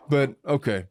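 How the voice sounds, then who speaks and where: A man's voice: medium pitch, dry recording, clean studio sound. A middle-aged man hosting a podcast, chatting casually and telling jokey stories from his family and law work. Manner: joking, animated storyteller. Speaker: podcast host, lawyer.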